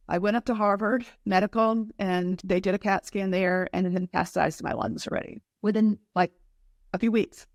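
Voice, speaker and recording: A woman's voice: fairly low pitch, creaky, no echo, clean studio sound. A middle-aged woman guest on a podcast, telling a candid personal story in an earnest way and acting out her own past reactions.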